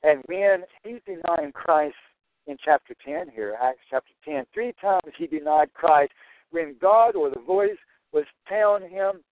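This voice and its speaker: A fairly high-pitched male voice, unhurried and free of echo, teaches verse by verse through Scripture, repeating and emphasizing what matters most. Audio has a thin, phone-like, dry quality.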